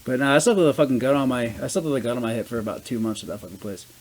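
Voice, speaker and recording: A man's voice: medium pitch, expressive, very fast, low-quality recording. A young man, a bit drunk, telling loose profane stories in a casual chat over beers. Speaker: guest.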